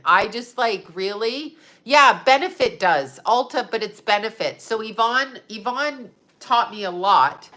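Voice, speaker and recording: A woman in her fifties hosts a loose, chatty livestream. Her voice is bright and forceful, a little stuffed up in the nose. She swears freely and laughs easily as she replies to her viewers. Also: mid-range voice. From Utah. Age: 50s. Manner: chatty, profane, laughs often, answers viewer chat. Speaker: psychic medium host. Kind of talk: casual livestream chat.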